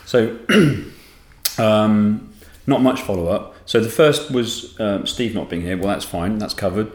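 A man's voice: fairly low pitch, takes it slowly, echoey room. A sleep-deprived man co-hosting a podcast in rambling, self-deprecating casual chat. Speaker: podcast co-host.

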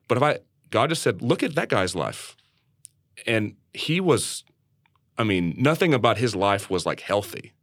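A man's voice: medium pitch, a bit bright, no echo, clean studio sound. A man co-hosting a church podcast, telling a candid personal story in an earnest conversational way, often restarting and repeating words. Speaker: church leader and podcast co-host.

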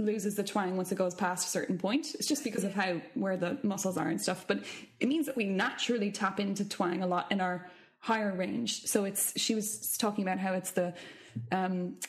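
A woman, a vocal coach explaining singing technique in casual chat and thinking aloud as she goes. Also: medium pitch.

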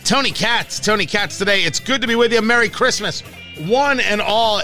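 A man's voice: sits high, animated, moderate pace, pushed and bright, faint music behind. A man hosting a political talk radio show, delivering a combative, sarcastic monologue with emphatic swings.

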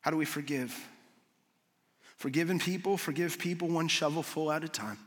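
A man preaching a sermon as a pastor, storytelling with animated swings and soft, low moments for emphasis. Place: large hall with audience. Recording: long reverb of a large hall.

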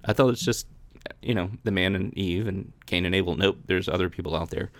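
This podcast host reads the Bible aloud and chats about what he's read, frequently restarting his sentences. He's low-pitched with a fairly bright tone, speaks a little fast, and there's no echo.

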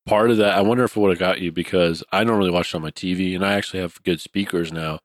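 A laid-back man with a notably deep, low voice, talking through a horror movie with a friend. He sounds relaxed and easygoing, quick to laugh. The recording is dry and close, with no room echo. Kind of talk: casual horror movie review chat.

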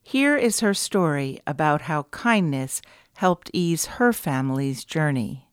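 A woman hosting a podcast, reading scripted narration in a measured, polished way. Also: low voice, expressive, clear, resonant tone, dry recording, studio quality. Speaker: podcast host.

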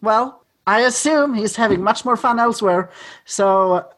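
A woman's voice: a little high, measured pace, fairly bright tone. Playful woman podcast host. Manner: playful, laughs often. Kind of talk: casual chat.

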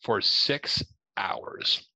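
A young man from Ohio telling a spooky story in a lively way, laughing and acting out his own lines. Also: drawn-out words, no echo, low-quality recording. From Ohio, USA. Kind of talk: animated storytelling.

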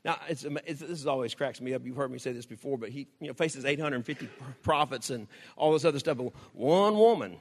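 A man's voice: medium pitch, animated, brisk, hardly any pauses, big-room sound. An older man, preaching a conversational sermon in a folksy way, laughing often and acting out quoted prayers.

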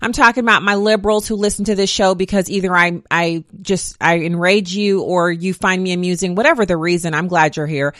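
A woman's voice: lowish voice, steady tone, fairly quick, hardly any pauses, a bit bright, dry recording, studio quality. A woman hosting a political commentary podcast, chatty and opinionated with snarky asides. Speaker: podcast host.

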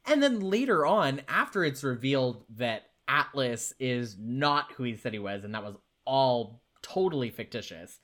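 Bright-voiced man telling game stories. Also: medium pitch, moderate pace, hardly any pauses. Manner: animated storytelling, laughs while talking. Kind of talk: casual video game discussion.

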